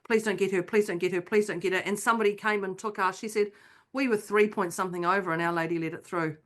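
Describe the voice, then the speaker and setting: Woman, podcast co-host, casual storytelling, animated, mid pitch. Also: fast. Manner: animated storyteller, acts out her own quotes.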